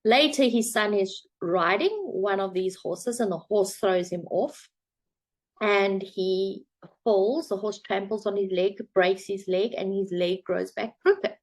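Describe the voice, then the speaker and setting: A self-help coach with a slow, medium-pitched voice tells a parable and draws a motivational lesson from it. She speaks in a chatty storytelling way with some fillers.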